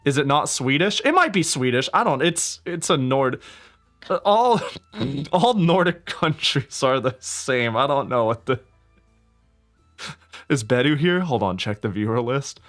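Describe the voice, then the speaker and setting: A young male streamer talks while he plays, rambling from one thought to the next with a quick laugh and a casual curse thrown in. Faint game music sits low behind his voice. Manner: rambling and animated, laughs often, swears casually. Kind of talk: casual gaming stream chat.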